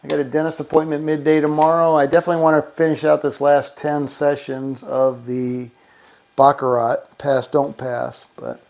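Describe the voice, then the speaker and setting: A man hosting a casual livestream, counting out money and reading viewer comments aloud in a relaxed, thinking-aloud way. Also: fairly high pitch, moderate pace, creaky. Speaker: livestream host. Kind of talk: casual live-stream chat.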